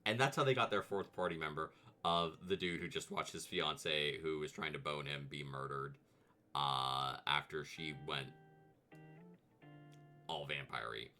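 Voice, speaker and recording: A man streaming comedic movie commentary, animated, profane and sarcastic. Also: extremely low pitch, a little slow, soft background music.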